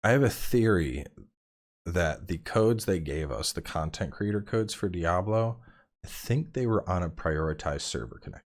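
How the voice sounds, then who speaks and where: Deep-voiced man telling lively stories. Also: moderate pace. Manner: animated storytelling, acts out quotes, swears casually. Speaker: podcast guest, game streamer. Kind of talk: casual chat.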